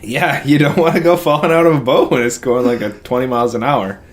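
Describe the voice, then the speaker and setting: A man's voice: mid-range voice, fairly quick. A man co-hosting a podcast, retelling a film in a loose, rambling way full of fillers. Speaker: podcast co-host. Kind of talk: casual chat.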